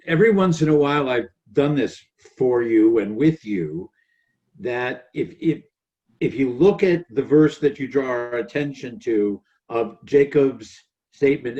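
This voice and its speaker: A man's voice: medium pitch, a little mellow. Man as a rabbi teaching a study group, conversational, dull lo-fi audio. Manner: explanatory, conversational.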